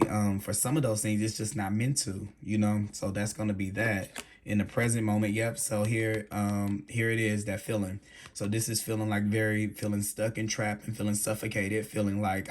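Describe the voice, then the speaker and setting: Male tarot reader, lowish voice, reflective and meandering delivery. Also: flat delivery, moderate pace, slight background noise. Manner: musing, searching for words, many restarts. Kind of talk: tarot card reading.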